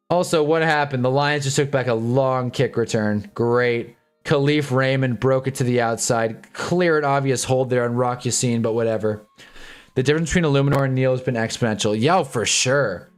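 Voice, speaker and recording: A man's voice: mid-range voice, normal speed, faint music behind. Tired, laid-back young man commentating football. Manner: laid-back, rambling, sarcastic asides, frequent "whatever" and "anyway". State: tired, yawning. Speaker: football watch-along streamer. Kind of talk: casual live game commentary.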